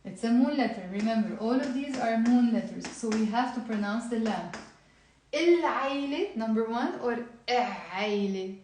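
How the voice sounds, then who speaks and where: A woman teaching an online language lesson, repeating words slowly and patiently. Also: on the high side, dark tone, very echoey, distant mic, a little hiss or hum.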